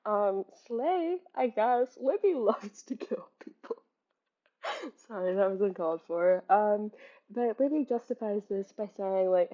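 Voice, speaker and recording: A woman's voice: medium pitch, animated, a little slow. A young woman giving a casual, sarcastic book critique, full of exasperated asides and laughter. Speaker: book reviewer. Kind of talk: casual video essay. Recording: slightly muffled lo-fi audio.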